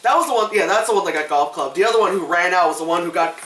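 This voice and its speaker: A woman in casual chat reviewing a movie, talking fast and loose with swearing and acted-out quotes. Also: lowish voice. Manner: animated, profane, acts out quotes in exaggerated voices. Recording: roomy sound from a distant mic.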